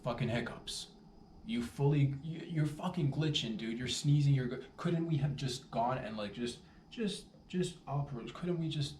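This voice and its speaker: A man hosting a podcast, delivering a rambling, profane comedic monologue with animated asides. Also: mid-range voice, normal speed. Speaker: podcast host. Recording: roomy, distant mic with faint background noise.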